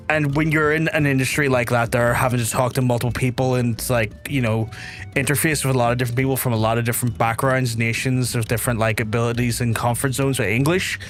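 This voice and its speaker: A man from Belfast with a softened Belfast accent, streaming a game and chatting casually with viewers in a rambling way, repeating phrases and swearing now and then. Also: mid-range voice. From Belfast, Northern Ireland. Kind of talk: casual livestream chat with viewers.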